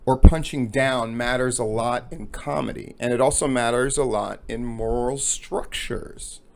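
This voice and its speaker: A man hosting a talk, telling a long joke as an animated storyteller who acts out the characters. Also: mid-range voice, measured pace, creaky, slight background noise. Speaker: podcast host.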